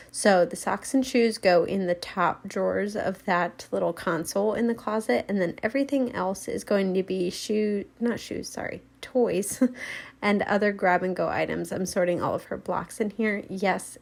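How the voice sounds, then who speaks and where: Chatty young mom with a gravelly edge. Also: female voice, medium pitch. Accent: Southern US. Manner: chatty, laughs easily. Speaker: vlogger. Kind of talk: casual cleaning narration.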